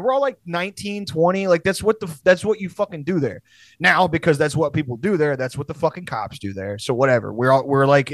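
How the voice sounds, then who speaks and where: A man's voice: fairly high pitch, dry recording. Profane rambling young man storyteller. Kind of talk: casual storytelling chat.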